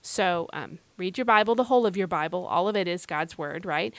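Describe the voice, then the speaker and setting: A woman's voice: lowish voice, fairly quick, fairly bright tone, no echo. Earnest Irish woman, dry close sound. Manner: earnest, encouraging, conversational. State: recovering from feeling unwell. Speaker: podcast host. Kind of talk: devotional Bible podcast talk.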